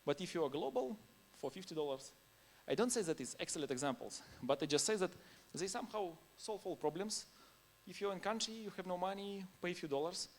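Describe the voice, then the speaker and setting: Speaking English as a non-native, this man delivers a relaxed conference talk full of stories, with bursts of laughter between points. His high voice is animated and brisk.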